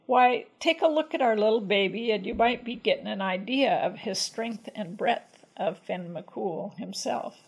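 A woman voicing a shrewd, gentle wife who coaxes sweetly, in a storybook reading. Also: medium pitch, measured pace, hardly any pauses, slightly rough, rough recording. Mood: coaxing. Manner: gentle, coaxing. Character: shrewd, calm Irish wife, sweetly cunning.

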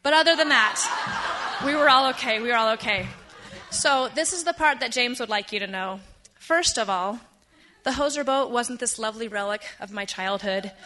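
A woman in her thirties telling a personal story to a live audience, chatty and lively with quick asides. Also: a little high, a little hiss or hum.

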